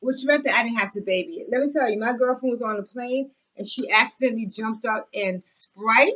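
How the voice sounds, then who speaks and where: A young adult woman with a fairly high voice chats straight to camera. She is effusive and loose, full of fillers and little asides. She sounds relaxed and friendly as she shows off a bag. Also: moderate pace, rough recording. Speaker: vlogger. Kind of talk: casual show-and-tell chat.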